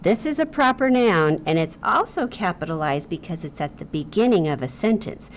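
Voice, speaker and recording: Woman teacher, children's grammar lesson, jokey and playful, fairly low voice, faint background hiss. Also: lively intonation, moderate pace. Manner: playful, jokey, talks straight to the pupils.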